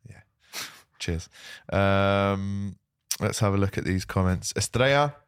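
A man's voice: low-pitched, takes it slowly, clean tone, dry recording, studio quality. A man hosting a casual live stream, chatting with a guest and reading out viewer comments in a jokey way. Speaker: host.

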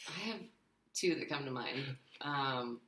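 A woman's voice: very deep voice, measured pace, a loud crowd. A woman from Arkansas who is an actress, chatting earnestly on a podcast and telling an anecdote, with plenty of "like" in her speech. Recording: roomy echo.

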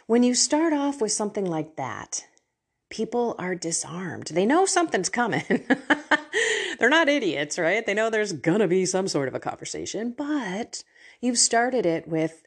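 Woman, middle-aged, husky voice, lively rising and falling pitch, emotional, candid faith teaching. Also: moderate pace. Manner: emotional, candid, laughs often. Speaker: faith podcast host. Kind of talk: personal faith teaching to listeners.

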